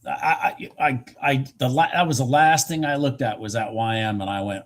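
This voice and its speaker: A man's voice: medium pitch, animated, a little slow, few pauses, pushed and bright. A man giving live trading commentary, muttering in frustration and urging the market on as he watches his charts. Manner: urges the market on with repeated pleas. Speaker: futures trader streaming live.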